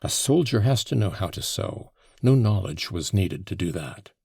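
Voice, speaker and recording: A man reading an audiobook, voicing an agitated young former soldier under questioning who turns defensive and bursts out loudly. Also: low voice, animated, moderate pace, creaky, slightly rough, no room sound, studio quality, full character voice. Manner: defensive, flaring into loud outbursts.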